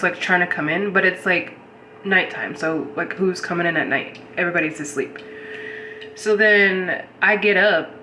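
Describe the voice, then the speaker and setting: Bright-voiced woman rambling through a dream story. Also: on the low side, a little hiss or hum, poor audio. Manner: rambling, heavy use of "like", animated retelling. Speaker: host recounting a dream. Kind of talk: casual storytelling to a live audience.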